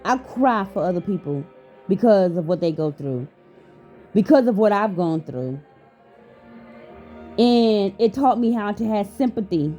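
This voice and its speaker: A woman's voice: mid-range voice, animated, measured pace, long pauses, mellow, soft background music. A woman vlogger talking candidly and emotionally about her own life, swearing freely and often restarting her sentences. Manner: raw, emotional, profane, with frequent restarts. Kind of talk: candid personal vlog talk.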